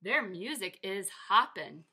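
A woman's voice: medium pitch, expressive, slow, sharp tone, husky, full character voice. A woman voicing a cheerful, bouncy male frog who sings in a storybook read-aloud. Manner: sing-song, upbeat.

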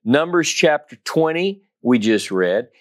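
A man's voice: a little high, sing-song, unhurried. A man giving a Torah teaching, reading scripture dramatically and stressing key phrases by repeating them. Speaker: Bible teacher.

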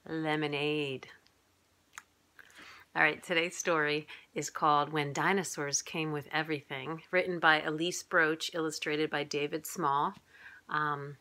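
A middle-aged woman reading a picture book aloud to young children in a lively way, jumping up in pitch for the characters' lines. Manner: lively, voices characters with big pitch jumps.

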